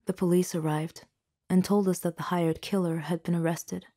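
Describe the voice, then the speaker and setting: A woman tells a first-person story in a low voice with a mellow, warm tone. Her reading is steady and even, like scripted narration. It sounds like storybook voice-over. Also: normal speed.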